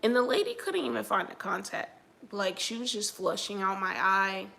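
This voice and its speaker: A woman's voice: mid-range voice, animated, normal speed, vocal fry, bright, forceful tone. A young adult woman hosting a livestream, telling a personal faith story in a chatty way, full of "like". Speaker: livestream host. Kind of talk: casual personal testimony vlog.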